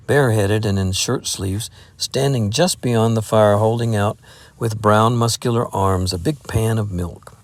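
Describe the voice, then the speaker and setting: A man reading a story aloud as narrator, in a measured, even storytelling manner. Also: on the low side. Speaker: audiobook narrator. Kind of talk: scripted narration.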